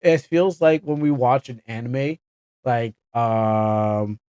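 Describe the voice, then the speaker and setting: A man's voice: medium pitch, takes it slowly, dark tone, clean tone, no echo. Rambling Canadian man streaming games. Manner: rambling, self-correcting, chuckling asides. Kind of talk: casual livestream commentary.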